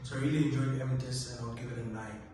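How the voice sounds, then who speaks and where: A man's voice: medium pitch, fast talker, slight background noise. Young man, echoey room. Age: young adult. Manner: relaxed, filler-heavy rating talk. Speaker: medical student vlogger. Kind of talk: casual chat. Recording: echoey room, distant mic.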